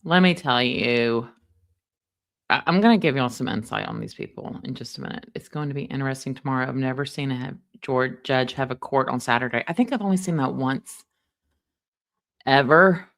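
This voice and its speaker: Middle-aged woman, chatty livestream host, very deep voice, gravelly fry. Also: normal speed. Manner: chatty, animated storytelling, addresses viewers as y'all. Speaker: livestream host recapping a trial. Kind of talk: casual chat with live viewers.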